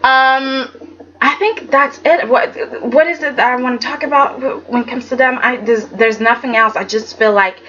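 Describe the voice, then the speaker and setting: A woman reviewing a soap opera episode in casual chat, animated and chatty, acting out quotes in dramatic voices. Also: high voice, moderate pace. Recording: dull lo-fi sound with faint background noise.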